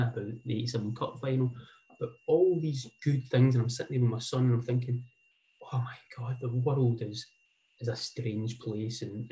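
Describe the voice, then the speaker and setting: The audio is poor, but a dark, mid-range voice comes through: a Scottish man in his forties sharing a heartfelt personal story. He rambles in an earnest way, frequently repeating himself word for word.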